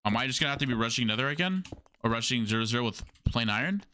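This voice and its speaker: Young male streamer, bright tone, casual slang, chats with his viewers, faint background noise. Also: medium pitch, lively intonation, very fast. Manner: slangy, talks to chat, hums to himself. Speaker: livestreamer. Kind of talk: casual gaming livestream chatter.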